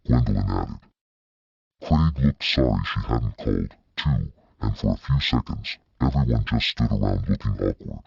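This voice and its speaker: A man's voice: extremely low pitch, animated, normal speed, gravelly, a little mellow, slightly rough, no room sound, highs cut off. A man narrating an audiobook in a dry, wry storytelling manner.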